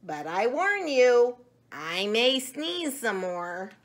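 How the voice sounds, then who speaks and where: A woman's voice: a little high, sing-song, slow, pitched above the performer's own voice. A woman voicing a small male monkey who keeps sneezing as he speaks, apologetic and kind. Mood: reassuring. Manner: sneezing between words.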